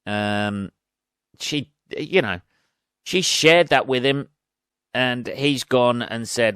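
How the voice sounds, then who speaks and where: A man hosts a podcast, rambling through a crude comic monologue and laughing at his own jokes. His lowish voice is slow, a bit bright and clean, recorded in studio quality without echo.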